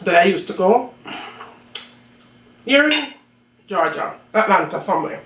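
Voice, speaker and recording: A woman's voice: mid-range voice, very animated, unhurried, a bit bright, slight background noise. A woman with a thick Jamaican accent chats bluntly and casually, slipping into patois. Her voice rings around a reverberant room. The microphone sits a little away from her. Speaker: cooking channel host. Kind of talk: casual mukbang chat. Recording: roomy audio from a distant mic.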